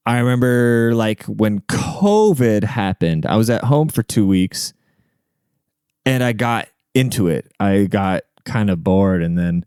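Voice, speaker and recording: A man's voice: lowish voice, a little mellow, smooth, no echo, clean studio sound. A young man hosting a podcast, telling stories in a rambling, profane, conversational way. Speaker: podcast host. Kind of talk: casual storytelling monologue.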